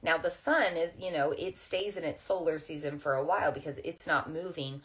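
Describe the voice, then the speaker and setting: Low-voiced woman teaching casually. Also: fairly even intonation, moderate pace. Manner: gentle, meandering, with many fillers. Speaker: spiritual astrology teacher. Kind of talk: casual spiritual teaching to camera. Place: indoors at home under overhead lights. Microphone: camera facing her.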